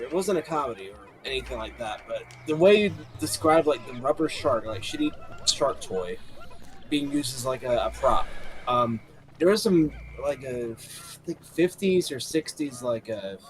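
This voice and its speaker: A man's voice: medium pitch, animated, normal speed, slight background noise. A man chatting casually during a game stream, hesitant and full of fillers. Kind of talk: casual chat.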